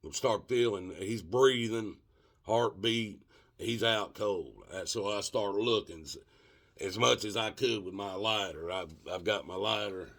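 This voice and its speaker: Man, low gravelly voice, profane casual storyteller. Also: a bit bright. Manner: profane, colloquial, drawn-out dramatic retelling.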